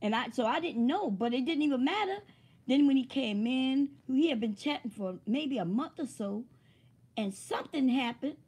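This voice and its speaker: A woman's voice: high-pitched, lively intonation, normal speed, darkish tone, slightly rough. A woman hosting a casual livestream, who chats loosely, laughs often and swears freely. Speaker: livestream host.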